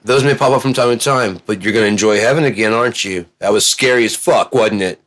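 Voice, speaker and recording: A man in a profane, rambling monologue that swings between low mutters and excited yelling. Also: fast talker.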